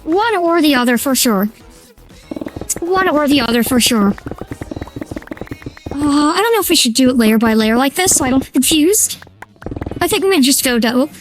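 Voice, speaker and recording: A man streaming a game through a feminine voice changer, chatting excitably with his chat, squealing and giggling. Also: extremely high pitch, normal speed, pauses often, soft background music, pitched above the performer's own voice. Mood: playful. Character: high feminine streamer voice, playful. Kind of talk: casual live-stream chat while gaming.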